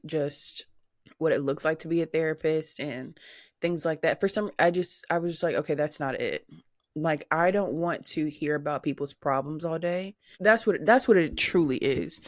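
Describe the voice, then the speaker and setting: A woman in her twenties hosting a solo podcast, talking candidly and animatedly, with swearing and high-pitched mimicry of other people. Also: no echo, studio quality. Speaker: podcast host.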